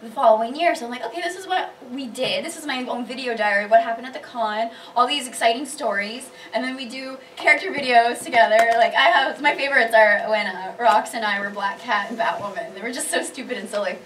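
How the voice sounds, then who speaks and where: A woman cosplayer on a convention panel, chatting casually and telling animated stories with lots of laughter. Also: a little high, brisk, few pauses, far from the mic, slight background noise. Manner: bubbly, laughs often, animated storytelling.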